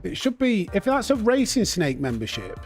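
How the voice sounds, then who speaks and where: A man with a voice pitched a little high talks loosely on a live sim racing stream. He banters, reads out viewer names and thanks them as he goes. Soft music plays faintly in the background. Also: wildly swooping pitch, moderate pace. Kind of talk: live gaming stream chat.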